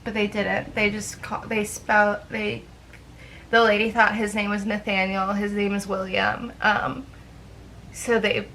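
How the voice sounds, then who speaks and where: A woman's voice: mid-range voice, level tone, a little slow, pushed and bright, slight background noise, poor audio. A young woman chatting casually to camera in a rambling, self-deprecating way, with lots of fillers. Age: young adult. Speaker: vlogger.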